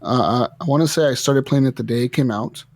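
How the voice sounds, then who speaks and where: A man hosting a casual gaming podcast, telling stories in an animated way and swearing a lot. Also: mid-range voice, fast talker. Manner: animated storytelling, heavy swearing. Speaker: podcast host.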